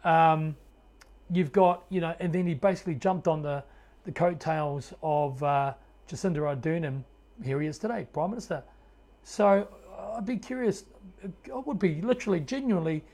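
A man's voice: on the high side, darkish tone. A man with a New Zealand accent giving opinionated commentary to camera in an indignant, sarcastic tone. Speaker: political commentator.

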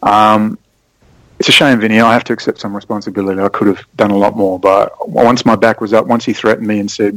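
A man, a podcast guest, telling rambling, excitable stories in casual conversation. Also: fairly low pitch, fast, no echo, low-quality recording. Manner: rambling, excitable storytelling with sudden animated spikes.

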